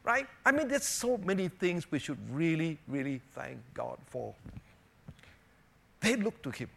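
A man preaching a sermon as pastor, animated, moving between emphatic raised lines and quiet asides, often checking in with "you know" and "right?". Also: a little high, measured pace, vocal fry. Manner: frequent "you know" and "right?" tag questions.

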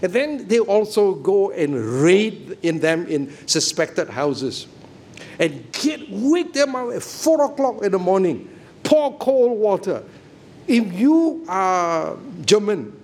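Middle-aged male preacher, high voice, emphatic, checks in with congregation. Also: big pitch swings, takes it slowly. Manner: emphatic, asks listeners questions often. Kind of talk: sermon.

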